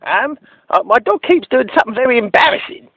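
A man putting on a squeaky, gravelly bumbling oddball. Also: lively intonation, no echo, muffled recording, heavily acted. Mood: deadpan. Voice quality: halting, stammering delivery. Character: bumbling, oblivious man with a naughty dog. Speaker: prank caller. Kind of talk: deadpan prank phone call.

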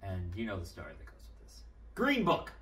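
A man co-hosting a casual chat show, telling stories in an animated way and swearing freely, in a room at home. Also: low-pitched, a little fast, echoey room, recorded from a distance. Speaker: podcast co-host.

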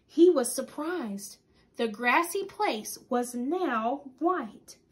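A woman reading a children's storybook aloud, slow and deliberate. Her high voice swoops up and down in a sing-song way to keep young listeners with her. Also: animated, slightly rough. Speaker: storybook reader.

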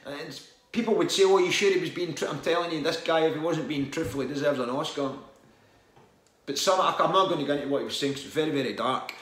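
A man's voice: on the high side, quick pace, fairly bright tone. Earnest, rambling man in an echoey room. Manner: earnest and rambling, with many restarts. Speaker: former benefits call-centre agent. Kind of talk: casual storytelling monologue.

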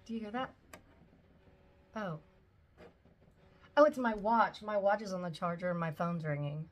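A woman's voice: medium pitch, a little slow, highs cut off. A woman in her forties chatting casually at home as she unboxes a shopping haul, gushing over each item. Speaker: vlogger.

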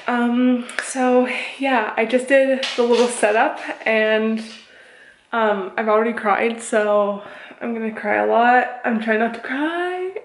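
A woman's voice: on the high side, reverberant, a little hiss or hum. Chatty young woman vlogging at home. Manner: chatty, giggly, rambling. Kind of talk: casual vlog chat to camera.

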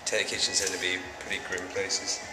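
A man's voice: deep voice, completely flat delivery, a little fast. A man hosting a casual vlog, joking and rambling, sometimes mocking himself. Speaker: vlog host. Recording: echoey room with loud music behind.

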